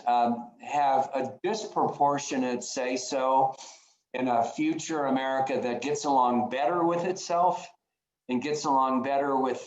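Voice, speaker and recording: A man's voice: medium pitch, echoey room, low-quality recording. A man giving a conference talk over a video call, earnest and at times emotional, often restarting phrases. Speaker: conference speaker.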